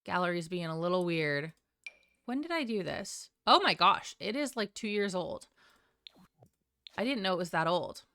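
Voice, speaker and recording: A woman's voice: fairly low pitch, moderate pace, bright, forceful tone, clean tone, no echo. A woman streamer chatting casually and a bit scatterbrained while building in a game, with a sing-songy way of talking. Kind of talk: casual live-stream chat while gaming.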